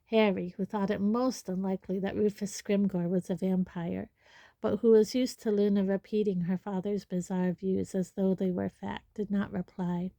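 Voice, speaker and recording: A woman reading a storybook aloud in a steady, even manner. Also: medium pitch, normal speed, vocal fry, dry recording. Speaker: audiobook reader. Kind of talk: storybook narration.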